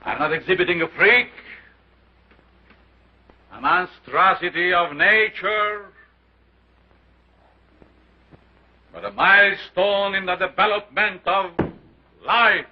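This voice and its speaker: An actor playing a sinister, pompous mad scientist who lectures a carnival crowd in theatrical 1930s film style. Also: male voice, sits high, a little slow, long pauses, a little hiss or hum. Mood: grandiose. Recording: dull 1930s film soundtrack.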